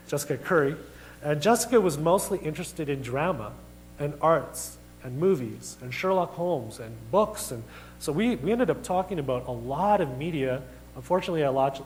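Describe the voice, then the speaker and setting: A man's voice: fairly high pitch, a little hiss or hum, poor audio. Chatty young man preaching with humor. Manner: casual, chatty, self-deprecating humor, acts out quoted dialogue. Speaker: guest preacher. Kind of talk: sermon with personal storytelling. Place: church sanctuary.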